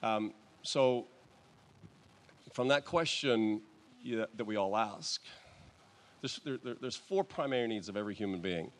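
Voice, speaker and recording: A male pastor preaching a sermon in a church, in a conversational, halting way with restarts and soft chuckles. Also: on the low side.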